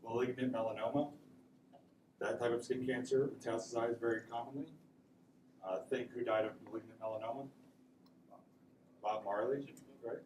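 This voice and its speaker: Captured by a distant room mic in an echoey, noisy space, a man gives a relaxed classroom lecture in a medium-pitched, steady voice at a moderate pace, leaving long pauses. He tells stories conversationally, peppering them with "right?" to check in.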